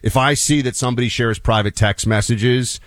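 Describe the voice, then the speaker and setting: A man's voice: mid-range voice, fairly even intonation, normal speed, a bit bright, no echo, clean studio sound. A man co-hosting a political talk radio show, chatting casually and telling stories with emphatic asides. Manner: conversational, storytelling, emphatic asides.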